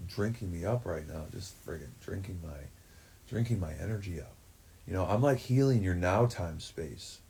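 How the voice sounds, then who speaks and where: A man's voice: deep voice, gravelly, mellow. A man talking in a rambling, profane way, full of fillers, in a livestream monologue. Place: forest shack.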